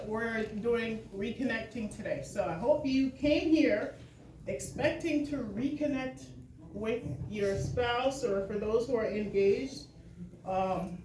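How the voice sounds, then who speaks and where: A woman's voice: a little high, mellow. A woman giving a keynote talk to a live audience, chatty and laughing often, with many fillers. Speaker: keynote speaker. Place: large hall with audience. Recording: echoey hall, mic far off, faint noise.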